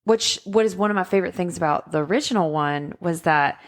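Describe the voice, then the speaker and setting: Speaking fairly quickly in a voice on the low side, a woman co-hosting a podcast chats casually. She peppers her talk with frequent ums and likes.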